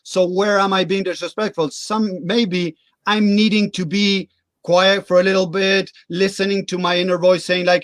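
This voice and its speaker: A man's voice: high voice, steady tone, moderate pace, a bit bright, no echo. A middle-aged man, a guest coach in a casual interview, explaining his views earnestly with everyday examples.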